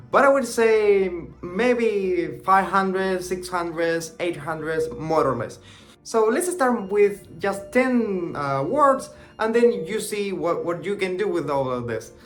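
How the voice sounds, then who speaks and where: A man from Argentina with an Argentine Spanish accent, teaching an online language lesson in English and patiently repeating example words slowly. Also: sits high. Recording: roomy echo with faint music.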